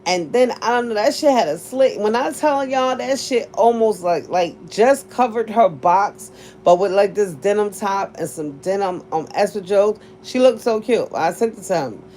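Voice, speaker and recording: A woman's voice: medium pitch, moderate pace, dark tone, slight background noise. A woman in her forties telling a casual story to her viewers, blunt and profane, laughing often as she talks. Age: 40s. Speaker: vlogger.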